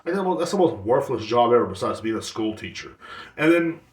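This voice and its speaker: A man's voice: mid-range voice, very animated, a little fast, echoey room, distant mic. A man hosting a podcast alone, rambling casually with blunt profanity and slang. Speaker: podcast host. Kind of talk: casual solo rant.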